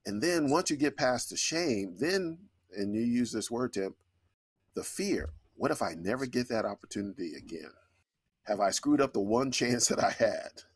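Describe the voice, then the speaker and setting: A man's voice: medium pitch, lively intonation, moderate pace, husky, no room sound. A middle-aged man, a guest, telling his story in an earnest, reflective way with frequent restarts. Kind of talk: conversational storytelling.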